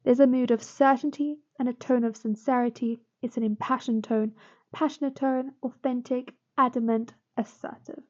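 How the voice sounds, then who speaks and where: A woman's voice: fairly high pitch, steady tone, moderate pace, darkish tone. A woman tutor explaining a poem in a lesson, talking it through with fillers and small self-corrections. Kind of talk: poetry analysis lesson. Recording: dull lo-fi sound.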